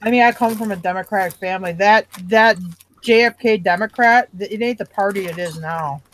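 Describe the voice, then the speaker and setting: A woman chatting casually in a group, quick to laugh and share opinions. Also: mid-range voice, a bit bright, a little hiss or hum.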